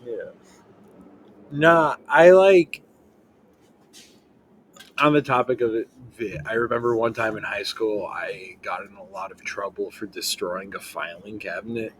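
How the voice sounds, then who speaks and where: A young man hosting a podcast, telling a long story in casual chat, full of "like" fillers and animated quotes. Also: lowish voice, unhurried, pauses often, slight background noise, low-quality recording. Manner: rambling, lots of "like" fillers, animated quoting. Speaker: podcast host.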